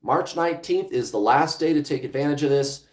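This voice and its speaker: A man's voice: on the high side, fairly quick, reverberant. A man hosting a livestream as a relationship coach, speaking bluntly and casually, with some swearing, straight to his viewers.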